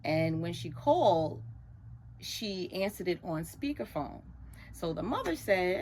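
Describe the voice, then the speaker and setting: Middle-aged woman guest telling a story, animated, pitching up to quote others, lively pitch. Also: unhurried. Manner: animated retelling, acting out others' lines in a higher voice. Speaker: radio show guest. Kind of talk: storytelling in a casual chat.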